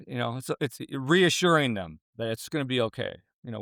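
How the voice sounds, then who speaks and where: Earnest man with a smooth voice. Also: medium pitch, animated, fairly quick, hardly any pauses, fairly bright tone, no room sound, clean studio sound. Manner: earnest, rambling with many restarts and fillers; gets emotional when talking. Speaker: former zookeeper and guest. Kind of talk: casual interview talk.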